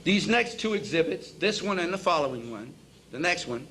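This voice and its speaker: Preacher-style man with a high voice, emphatic and repetitive, recorded far off in an echoey hall, faint hiss. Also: lively intonation, normal speed, fairly bright tone. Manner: emphatic, repeating phrases for emphasis; addresses the audience as brothers and sisters. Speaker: lecturer. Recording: roomy hall, speaker away from the mic, faint background hiss.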